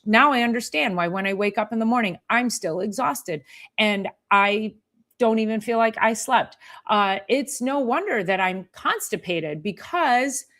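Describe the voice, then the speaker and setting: A woman's voice: medium pitch, fairly bright tone. A woman chiropractor hosting a live health talk, chatting casually and acting out her patients with playful sing-song sounds.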